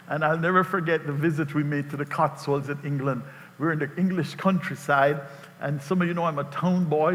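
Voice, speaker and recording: A man preaching a sermon as pastor, emphatic and rising to shouted call-and-response, in a church sanctuary. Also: a little high. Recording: long reverb of a large hall.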